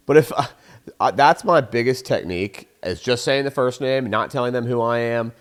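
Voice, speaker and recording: A young man talks through sales tactics off the cuff, rambling and swearing freely. He has a medium-pitched voice and slips into quick voices for phone calls. His delivery is loose and unscripted. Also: smooth. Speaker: sales trainer and host. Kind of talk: casual advice monologue.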